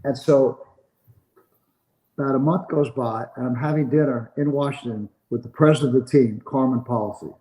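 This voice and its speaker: A man's voice: medium pitch, steady tone, moderate pace, mellow, low-quality recording. An older man, a sports agent being interviewed on a podcast, telling a long story and acting out the dialogue of the people in it.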